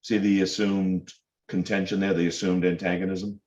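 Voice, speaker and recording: Low-voiced man lecturing with sarcastic questions. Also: level tone, moderate pace, a little mellow. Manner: emphatic, sarcastic rhetorical questions. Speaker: guest lecturer. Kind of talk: public lecture to students. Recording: dull lo-fi lecture recording.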